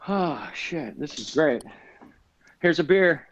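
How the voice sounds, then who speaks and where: A man's voice: on the high side, animated, takes it slowly. Laid-back guy teasing his buddy, kinda muffled. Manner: easygoing, teasing. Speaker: podcast co-host. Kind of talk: casual chat. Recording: slightly dull sound with faint noise.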